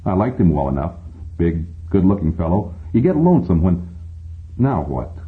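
A man reads a first-person story aloud, wry and conversational. His voice is very low. The recording is thin and tinny, like a phone line. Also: big pitch swings, normal speed. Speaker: audiobook narrator. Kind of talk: first-person audiobook narration.

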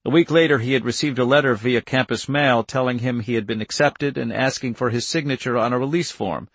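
A man reading a novel aloud in steady scripted narration, in a dry studio recording. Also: medium pitch, brisk, slightly rough, no echo. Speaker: audiobook narrator.

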